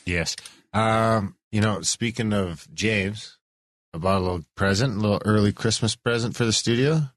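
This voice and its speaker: A man's voice: fairly low pitch, moderate pace, no echo. A man hosting a podcast in casual chat, rambling and swearing freely. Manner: rambling, swears often, restarts a lot. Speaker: podcast host.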